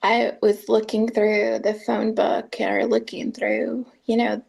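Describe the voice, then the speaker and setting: A woman recounting painful family events as an interviewee in a documentary, speaking earnestly with halting restarts. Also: a little high, level tone, creaky, darkish tone, slightly rough. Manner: earnest, halting first-person retelling with restarts. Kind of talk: documentary testimony.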